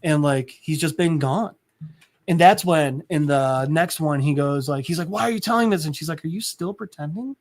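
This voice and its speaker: Animated man retelling a comic. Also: fairly high pitch, moderate pace. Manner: animated retelling, acting out characters' lines. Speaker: podcast co-host. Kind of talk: casual chat recapping a comic.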